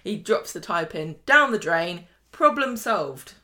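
A woman's voice: on the low side, big pitch swings, slow pace, sharp tone. A woman co-hosting a podcast, chattily recapping soap scenes in a casual chat. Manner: chatty, recounts scenes with quoted voices. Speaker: podcast co-host.

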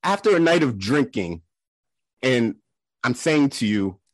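Lively, dry-sounding man spinning funny stories. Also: medium pitch, unhurried, no room sound. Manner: animated, laughing storyteller who acts out quotes. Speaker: podcast co-host. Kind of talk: casual podcast storytelling.

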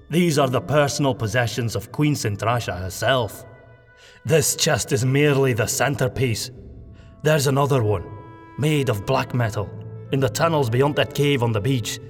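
A man plays a blunt, impatient warrior with a broad Scottish accent, speaking plainly in an audio drama. His pitch rises and falls widely. Behind him there is a long, echoing reverb. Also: lightly acted. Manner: gruff, straightforward.

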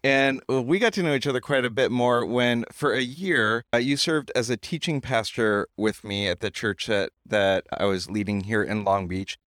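A man's voice: mid-range voice, moderate pace, few pauses, a bit bright, no room sound, studio quality. A middle-aged man hosting a podcast, chatty and joking, talking casually with a friend in an in-person recording setup. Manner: chatty, joking, self-deprecating. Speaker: podcast host.

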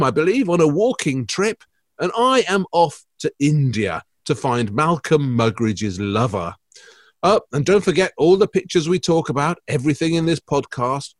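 A man co-hosting an art podcast, talking in a lively, jokey, slightly theatrical way. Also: medium pitch, no room sound, clean studio sound. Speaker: podcast co-host. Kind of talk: casual chat.

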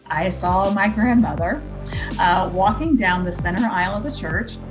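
A woman from Indiana tells a personal story as a guest on a podcast, earnest and reflective, with plenty of ums and you-knows. Her voice sits at an ordinary pitch. Clear music plays beneath her. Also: expressive, normal speed. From Indiana, US Midwest. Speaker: guest psychic medium.

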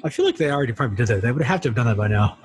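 A man's voice: medium pitch, lively intonation, racing. A man co-hosting a podcast, chatting casually and joking, often laughing and acting out little scenes. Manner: jokey, laughs often, acts out bits. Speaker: podcast co-host. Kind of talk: casual chat.

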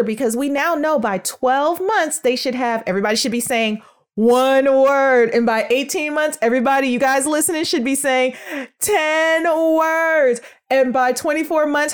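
A woman with a somewhat high voice explains early speech development in a lively podcast lesson. She sounds out syllables to demonstrate and speaks warmly and directly to her listeners, calling them by pet names. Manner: calls listeners sugars and world changers. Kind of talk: educational podcast talk.

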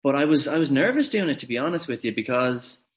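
A man speaks as a podcast guest about his acting. His pitch sits in the middle range. He talks haltingly and often backs up mid-sentence. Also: animated. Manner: halting, restarts often, self-deprecating. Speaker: actor guest. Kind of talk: casual podcast interview.

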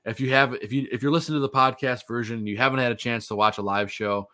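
A man's voice: medium pitch, steady tone, fast, bright, forceful tone. A man in his thirties casually hosting a sports podcast, easygoing and rambling with lots of fillers. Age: 30s. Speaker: podcast host.

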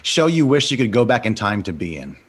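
A host interviewing a guest, upbeat and quick to laugh while asking rapid-fire questions. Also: male voice, fairly low pitch, very animated, husky.

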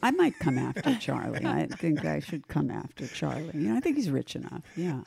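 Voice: medium pitch, big pitch swings, fairly quick, vocal fry, darkish tone, breathy edge. A podcast host on a close microphone, chatting casually with a playful, crude, teasing manner.

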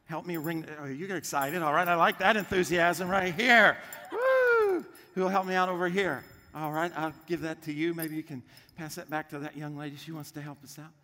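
A male pastor preaching a sermon to a congregation, lively and drawing the crowd into call-and-response. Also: a little high, brisk, in a large hall, a little hiss or hum. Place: church auditorium with congregation.

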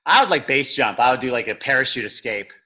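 A man's voice: mid-range voice, expressive, fast, pushed and bright. A man hosting a podcast interview, joking and bantering playfully with his guest. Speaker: podcast host. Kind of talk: casual interview chat.

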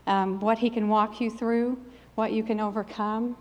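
A woman's voice: a little high, little pitch movement, normal speed, a little mellow. A middle-aged woman preaching a sermon with a personal testimony, in an earnest, emphatic preaching cadence. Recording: long hall reverb.

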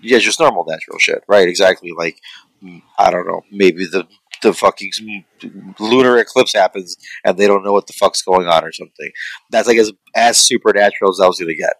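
A man in a casual chat about a film, talking in a rambling, profane, animated way. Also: low-pitched, a little fast, vocal fry, no echo, poor audio. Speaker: podcast co-host reviewing a film.

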